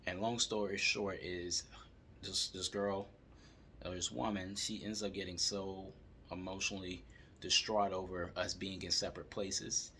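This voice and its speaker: A man calmly telling a story as he gives dating advice to male viewers. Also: deep voice, measured pace, a little hiss or hum. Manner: calm, steady storytelling.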